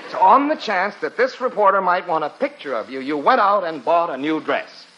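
A man's voice: sits high, lively intonation, a little fast, background noise. A man playing a pompous, easily flustered husband in a 1940s radio comedy, on a muffled old recording. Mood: blustering.

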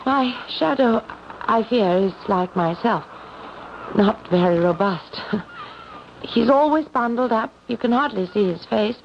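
A woman's voice: on the high side, expressive, unhurried, creaky. An actress playing a frail, melancholy young woman in an old-time radio drama, speaking delicately. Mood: wistful. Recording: dull old radio recording with faint hiss.

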